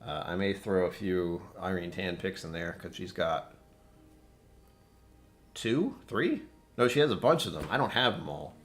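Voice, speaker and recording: Deep-voiced rambling livestream host, man. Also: lively intonation, unhurried, pauses often, a bit bright. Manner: rambling, distractible, self-interrupting. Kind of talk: casual livestream chat. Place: home.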